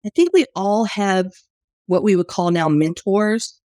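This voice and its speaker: A woman's voice: medium pitch, expressive, unhurried, darkish tone, no echo, clean studio sound. A woman from New Orleans, a business owner, telling stories openly and chattily in an interview. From New Orleans, USA. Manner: open and chatty, storytelling with fillers. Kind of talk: candid conversational interview.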